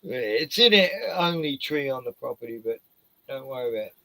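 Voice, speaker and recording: A man's voice: mid-range voice, animated, fairly quick, sharp tone, no echo. A man chatting casually on a home stream, crude and joking, swearing freely. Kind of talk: casual chat. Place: home at night, door open to yard.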